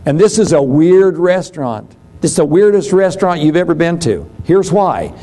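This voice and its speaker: Middle-aged male seminar lecturer, high-pitched, folksy, talks to the class and plays out quick dialogues. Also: very animated, warm tone. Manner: folksy, acts out little dialogues. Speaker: seminar speaker on taxes.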